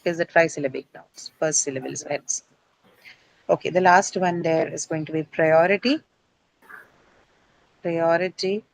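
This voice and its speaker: A woman's voice: low voice, fairly quick, gravelly, dry recording, poor audio. A woman teaching English word stress to a class. She explains step by step, often says "uh", and asks her students questions.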